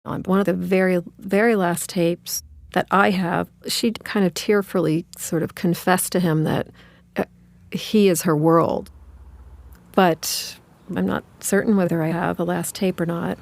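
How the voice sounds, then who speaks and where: A woman's voice: fairly low pitch, fairly even intonation, a little slow, gravelly, no echo. A woman telling a personal story in a reflective, conversational way. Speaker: narrator. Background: music.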